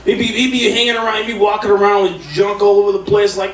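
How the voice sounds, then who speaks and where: A man doing stand-up with impressions, swearing a lot and jumping into loud shouted bits. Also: high-pitched, flat delivery, fast talker, far from the mic. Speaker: stand-up comedian. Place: comedy club stage. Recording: roomy club sound from off mic.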